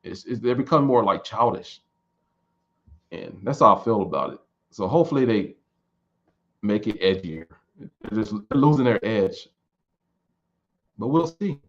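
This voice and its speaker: A man in his late thirties chats loosely with his viewers. His voice sits a bit low, and he wanders and repeats words as he thinks. The recording sounds dull and lo-fi. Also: a little slow, pauses often. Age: 30s. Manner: relaxed, rambling, repeats words while thinking. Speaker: streamer answering viewer questions. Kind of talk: casual chat.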